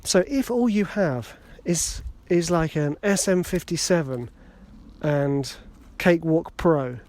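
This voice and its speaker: A man's voice: fairly high pitch, slow pace, darkish tone. A middle-aged man hosting a podcast in a casual, self-deprecating way with joking asides, talking into a phone in his hand while walking through a wood. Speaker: podcast host. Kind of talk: casual motivational podcast talk. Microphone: phone held in hand.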